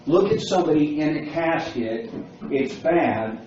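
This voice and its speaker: A male preacher giving a sermon, telling a story dramatically and shouting its warnings. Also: on the high side, animated, a little slow. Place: church sanctuary. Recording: muffled church recording with faint noise.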